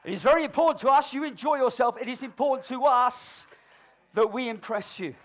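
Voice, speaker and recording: A man doing live comedy balloon modelling on stage, teasing an audience member with cheeky, mock-dramatic patter that swings between loud announcements and low asides. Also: fairly quick.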